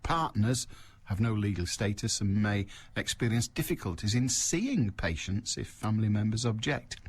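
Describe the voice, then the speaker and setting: A man hosting a radio call-in show, with a slightly husky voice that rises and falls freely. He drifts into wry, self-mocking asides before reading material out in a steadier tone. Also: on the low side, lively intonation, normal speed. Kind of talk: casual radio chat and reading aloud.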